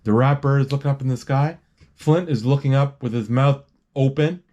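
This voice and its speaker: A man casually retelling a movie scene by scene, rambling with restarts and quick acted quotes. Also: medium pitch, dark tone, muffled recording.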